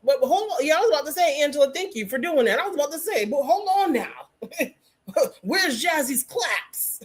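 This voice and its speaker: A woman with a fairly high, lively voice hosts a hair care livestream. She talks casually and teases viewers she calls out by name. Her pitch swings up high when she jokes with them. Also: moderate pace, slightly rough.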